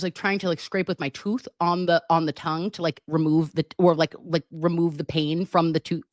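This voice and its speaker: A woman with a low voice chats to her livestream viewers in a gushing, dramatic way. A sore tongue gives her a slight lisp. The sound is dry and close. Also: no room sound. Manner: gushing, chatty and dramatic, reads viewer comments. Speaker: livestream host. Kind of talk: casual livestream chat.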